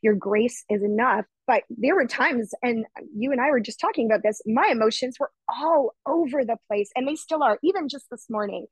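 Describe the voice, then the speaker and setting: A woman's voice: on the high side, normal speed, few pauses, slightly rough, no room sound, poor audio. A woman guest talking earnestly about her faith in a casual conversation, often quoting her own prayers aloud.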